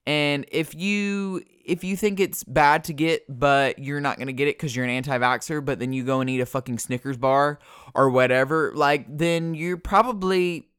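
A man's voice: fairly high pitch, a bit bright, clean tone. A man ranting casually in a rambling, profane and sarcastic way, full of fillers. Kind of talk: casual unscripted rant.

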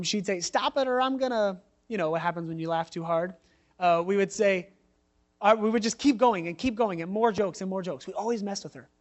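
A man in his thirties preaching a sermon in a conversational way, telling personal stories with frequent asides. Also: high-pitched. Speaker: pastor.

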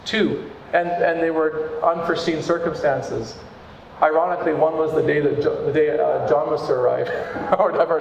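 A man with a fairly high voice preaches to his church in an earnest, conversational way. His voice rings through a large hall with a long, lingering reverb. Faint room ambience sits underneath. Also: creaky, highs cut off, slight background noise. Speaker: pastor. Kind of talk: sermon.

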